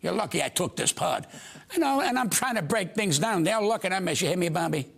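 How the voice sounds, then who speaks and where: Older New comedian, gravelly and high-pitched, brash storyteller. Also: male voice, expressive, fairly bright tone. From United States. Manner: brash, rapid anecdotes acting out voices. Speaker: comedian guest. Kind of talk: storytelling on a talk show.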